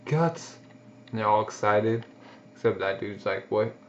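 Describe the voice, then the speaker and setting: A man's voice: fairly low pitch, flat delivery, moderate pace, fairly bright tone. A man giving casual, reactive commentary while he reads a manga aloud, on a dull lo-fi recording. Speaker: manga reader. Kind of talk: casual read-along commentary.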